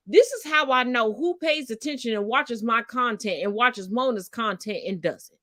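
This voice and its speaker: A woman's voice: fairly high pitch, lively intonation, normal speed, a bit bright, dry recording, studio quality. A woman co-hosting a casual podcast, talking bluntly and swearing freely as she rants. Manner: blunt, profane, ranting. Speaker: co-host.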